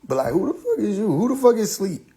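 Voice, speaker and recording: A man's voice: high-pitched, sing-song, fast talker. Man ranting and joking on a live stream. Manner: loud joking rant, heavy profanity, laughing often. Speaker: livestream host. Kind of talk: casual livestream chat.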